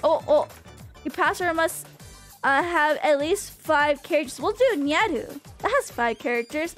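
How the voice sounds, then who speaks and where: A woman's voice: high voice, measured pace, fairly bright tone, soft background music. A young woman streamer chatting casually with her viewers in a bubbly, rambling way and swearing now and then. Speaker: VTuber streamer. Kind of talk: casual livestream chat with viewers.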